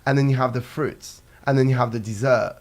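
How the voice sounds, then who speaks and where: A man's voice: mid-range voice, fairly even intonation, brisk. A man from France with a French accent, chatting casually over drinks, laughing often and padding his talk with fillers. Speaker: guest.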